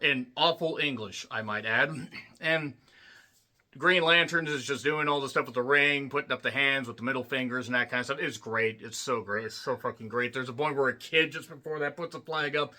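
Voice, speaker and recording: A man giving a casual, rambling and profane spoken movie recap, often clearing his throat. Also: mid-range voice, bright, forceful tone. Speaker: movie reviewer.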